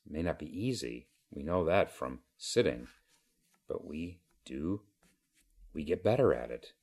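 A man giving a Zen dharma talk as teacher, in a measured, halting way with many pauses and fillers. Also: rumbling low, lively intonation, darkish tone, slightly rough.

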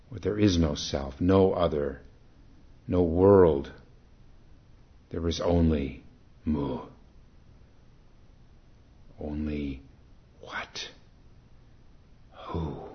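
A man giving a dharma talk as a meditation teacher, telling a story and reflecting in a calm, unhurried way. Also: rumbling low, husky. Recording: dull lo-fi recording.

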